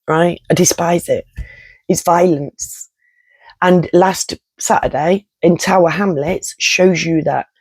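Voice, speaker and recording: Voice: medium pitch, vocal fry, darkish tone, husky, no room sound. A vlogger, delivering an angry, swearing rant straight to camera. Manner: heated, swearing, blunt. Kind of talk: angry ranting monologue to camera.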